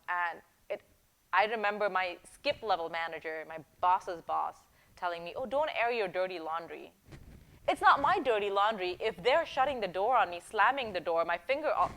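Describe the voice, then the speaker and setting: A woman's voice: mid-range voice, a bit bright, poor audio. A woman giving workplace advice in a direct, emphatic, conversational way, often checking in with "okay?" and "right?". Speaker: workplace empowerment coach. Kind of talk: advice video talk.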